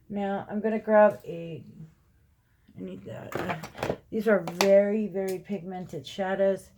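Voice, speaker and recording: A woman's voice: medium pitch, a little mellow. A middle-aged woman chatting casually through her own makeup tutorial, talking to viewers as she works and drifting into asides. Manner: chatty, rambling, gets heated when venting. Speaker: makeup vlogger.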